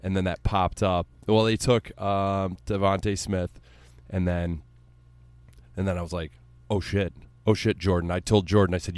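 A man co-hosting a casual sports podcast, telling stories in an excitable, joking and sometimes profane way. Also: deep voice, normal speed, no echo. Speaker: podcast co-host.

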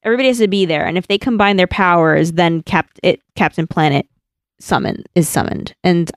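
A woman's voice: fairly low pitch, brisk, no room sound, clean studio sound. A woman explaining a cartoon in casual chat, hesitant, with many fillers and restarts.

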